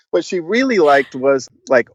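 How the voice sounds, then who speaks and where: A man's voice: on the high side, very animated, slow, no room sound, dull audio. Laughing, profane man telling stories. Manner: laughs often, swears freely, many restarts. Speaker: podcast guest. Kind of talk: casual storytelling.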